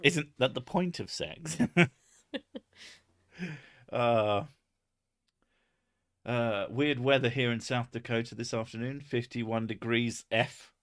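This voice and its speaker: An English man hosts a loose live-stream chat, talking at an unhurried, drawn-out pace. He swears casually and breaks into laughter as he wanders from one thought to the next. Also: medium pitch. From England.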